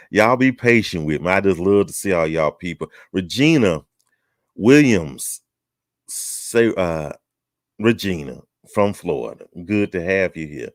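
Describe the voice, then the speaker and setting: A very deep-voiced man hosts a relaxed chat show, greeting people with folksy teasing. His voice swings up and down a lot, and the sound is dry and close. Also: dry recording. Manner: folksy, teasing, drawling southern talk. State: out of breath. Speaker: host. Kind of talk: casual chat show welcome.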